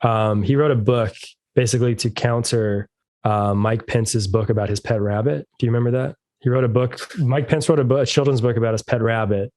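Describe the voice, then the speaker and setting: A man in his thirties, a podcast guest, telling stories in a casual chat with a monotonous deadpan delivery. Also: mid-range voice, fairly quick, dry recording.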